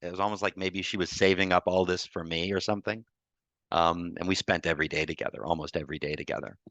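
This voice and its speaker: A man speaking on a video call, telling a personal story in a group talk, emotional and halting, with a tearful edge and many restarts. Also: sits low, steady tone, a bit bright, no room sound. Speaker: guest speaker on grief.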